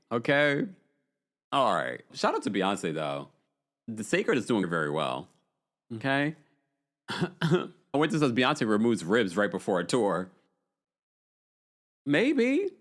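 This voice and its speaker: A male host chatting on a live stream, reading viewer comments in a sassy, animated way. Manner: animated, sassy, swooping pitch.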